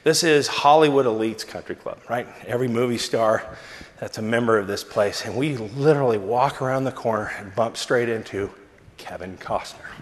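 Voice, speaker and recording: A man preaching a sermon and telling a personal story with animated, self-mocking delivery. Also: moderate pace. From Southern California. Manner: lively storyteller, big pitch swings, self-mocking. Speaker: pastor. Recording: long hall reverb.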